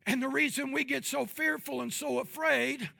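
A pastor delivering a sermon, moving between quiet, measured talk and loud, drawn-out shouts. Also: male voice, very high-pitched, steady tone, creaky. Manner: drawn-out, emphatic phrasing.

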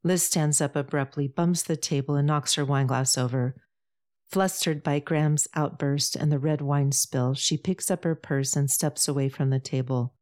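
A woman reading a novel aloud in steady scripted narration. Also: low voice, normal speed. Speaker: audiobook narrator.

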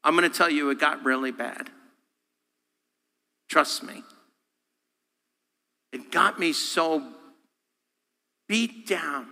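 A man, a guest speaker, preaching a sermon with animated, humorous delivery, acting out voices and quotes. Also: on the high side, slow, creaky, long pauses. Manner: humorous, self-deprecating. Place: church sanctuary. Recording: long hall reverb.

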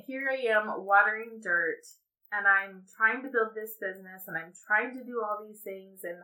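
Bright-voiced chatty woman podcast host. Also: mid-range voice, normal speed, poor audio. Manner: candid, chatty, laughs often. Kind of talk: casual solo podcast chat.

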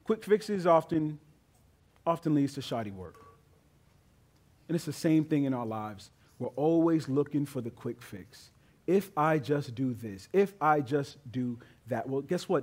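A male pastor preaching a sermon with emphatic delivery that builds to loud, high peaks. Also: expressive, unhurried.

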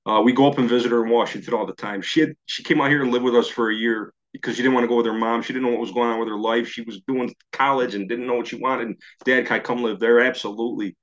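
A man's voice: mid-range voice, steady tone, quick pace, hardly any pauses. A middle-aged man from New York shares his recovery story over a video call. He acts out his old thoughts and chuckles at himself as he goes. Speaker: recovery meeting speaker. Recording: slightly dull video-call audio.

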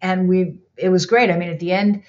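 An older woman with a fairly low voice tells stories from her years as a recording engineer in a relaxed, animated way. She slips into other people's voices when she quotes them. The recording sounds dull and lo-fi. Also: fairly quick. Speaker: recording and re-recording mixer. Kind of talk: casual interview storytelling.

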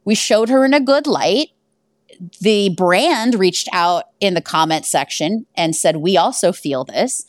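A woman's voice: medium pitch, lively intonation, measured pace, no room sound. A woman who owns an escape room, telling stories animatedly in a casual interview and laughing along the way. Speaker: guest.

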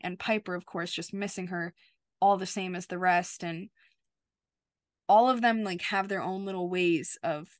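A woman's voice: fairly low pitch, fairly even intonation, normal speed, no room sound. A woman co-hosting a podcast, recapping a TV episode in heartfelt, gushing chat with many fillers. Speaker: podcast co-host.

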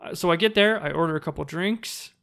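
Man, high bright voice, animated casual storyteller acting out quotes. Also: fairly quick, creaky. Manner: animated, acts out quotes in raised voice.

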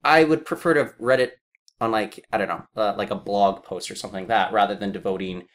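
A man's voice: lowish voice, fast talker, fairly bright tone. A man co-hosting a casual discussion, opinionated and talking with frequent fillers. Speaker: podcast co-host.

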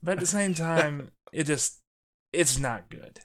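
A man co-hosting a podcast, talking casually and jokily about a film, getting animated and trailing off into restarts. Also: fairly high pitch, unhurried. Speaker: podcast co-host. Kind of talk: casual movie review chat.

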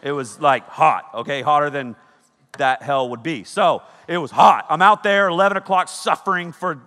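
A man in his thirties preaching a sermon, telling stories with energy that swings from loud bursts to hushed, serious points. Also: on the high side, normal speed. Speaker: pastor. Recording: long hall reverb.

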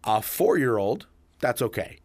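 A man's voice: mid-range voice, expressive, a little slow, darkish tone, no room sound. A middle-aged man telling stories in casual conversation, full of ums and you-knows, speaking as an experienced manager. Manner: rambling, hesitant with frequent ums and you-knows. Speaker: manager and podcast co-host.

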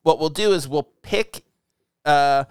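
A man's voice: a little high, slow, clear, resonant tone, no echo, studio quality. A man co-hosting a casual podcast, teasing his co-host and steering the conversation. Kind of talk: casual chat.

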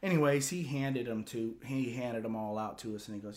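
A man's voice: medium pitch, brisk, hardly any pauses, a little mellow. A man casually telling a long story as a podcast host, rambling and profane, with lots of filler words.

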